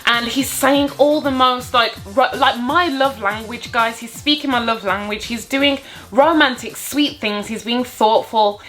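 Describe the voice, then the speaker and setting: A young woman vlogger chatting casually to her viewers, telling a dating story and acting out her own reactions with lively exclamations. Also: a little high, unhurried.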